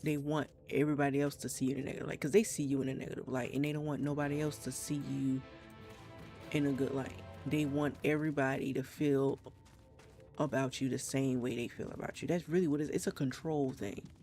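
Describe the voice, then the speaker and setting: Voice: medium pitch, flat delivery, fairly quick, darkish tone, soft background music. Rambling, frank streamer with a slight Trinidadian lilt. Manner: rambling, frank and profane, many restarts. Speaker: gameplay streamer. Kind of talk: casual live-stream chat. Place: home, South Florida.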